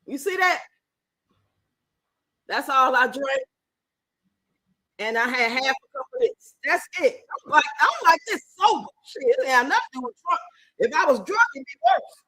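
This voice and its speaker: A woman hosting a casual livestream in African American Vernacular English, loud and animated, cursing freely. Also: sits high, normal speed, pauses often, dry recording, poor audio. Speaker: livestream host.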